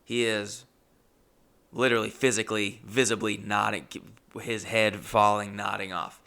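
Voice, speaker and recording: A male comedian telling a story in an animated, profane, exasperated way. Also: on the low side, unhurried, gravelly, clear, resonant tone.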